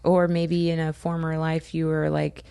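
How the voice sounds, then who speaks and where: An American woman co-hosting a casual podcast chat, telling animated stories and acting out what people said. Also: low-pitched, moderate pace, gravelly, clear, resonant tone, no room sound. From United States. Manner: animated storytelling, acting out quotes. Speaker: podcast co-host.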